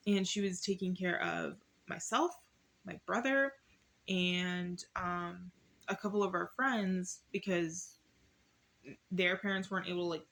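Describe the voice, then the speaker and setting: A young woman with a slightly hoarse voice, casually talking through a Bible study at home, reading verses aloud and rambling between them. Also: lowish voice, fairly bright tone. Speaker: YouTuber doing Bible study.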